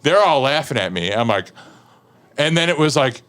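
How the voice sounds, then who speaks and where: Animated laughing firefighter telling a prank story. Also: male voice, mid-range voice, moderate pace, clear, resonant tone. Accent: Chicago-area American. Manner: animated, laughing, full of fillers and acted quotes. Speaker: firefighter guest. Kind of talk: casual storytelling on a podcast.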